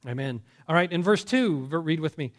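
A man's voice: a little high, animated, fairly quick. A man preaching a conversational sermon, often correcting himself and putting questions to the congregation. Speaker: pastor.

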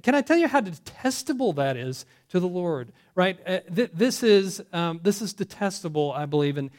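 A man's voice: sits high, very animated, moderate pace. A man preaching a conversational sermon, often correcting himself and putting questions to the congregation. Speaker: pastor.

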